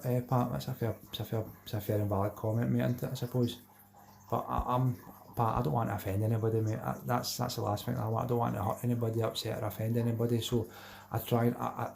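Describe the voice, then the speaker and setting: Here a middle-aged Scottish live streamer chats loosely with his audience, reading out comments, repeating himself and addressing everyone as mate. He has a fairly low, gravelly voice with a darkish tone.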